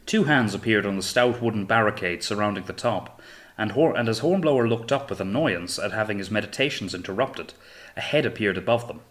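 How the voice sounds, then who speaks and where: Low-voiced male audiobook narrator. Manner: steady, measured reading.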